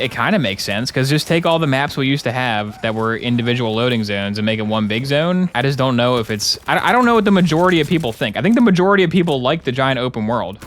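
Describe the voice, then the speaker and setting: A man's voice: medium pitch, fairly bright tone. A man streaming a video game live, joking and complaining sarcastically while he plays and thanks his chat. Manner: sarcastic, grumbling, jokey; talks to chat, thanks subscribers. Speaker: gaming streamer. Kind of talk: live gameplay commentary.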